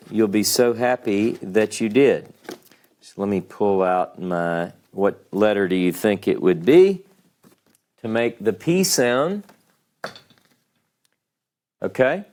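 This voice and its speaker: A low, darkish male voice belongs to a Hebrew teacher running a beginners' lesson. He works patiently through each step at the board and regularly checks in with the class.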